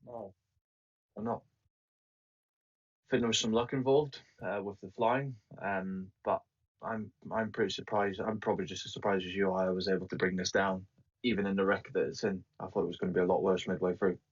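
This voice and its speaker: A man's voice: sits low, fairly even intonation, a little fast, husky. A man playing in a tabletop game, easygoing and a bit hesitant, on a muffled, distant voice-chat mic. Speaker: player. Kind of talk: casual tabletop play.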